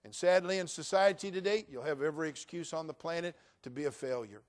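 A middle-aged male pastor preaching a sermon, shifting from quiet storytelling to loud exhortation. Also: on the high side, fast talker.

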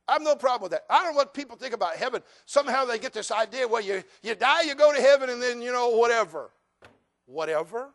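A male pastor preaching a sermon, animated and humorous, acting out voices of people in his congregation. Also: high voice.

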